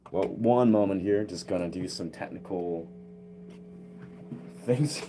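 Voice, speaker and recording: A man's voice: sits low, animated, slow, warm tone, slight background noise. A man streaming as a music producer, talking casually to himself and his chat while troubleshooting his setup.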